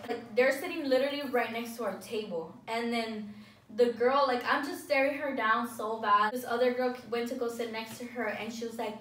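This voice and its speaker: A woman's voice: on the high side, fairly quick. Chatty young woman telling a story in an echoey room. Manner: animated retelling with lots of "like". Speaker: vlogger. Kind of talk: casual storytime chat. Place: indoors, eating at a table. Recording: echoey room from a distance with some noise.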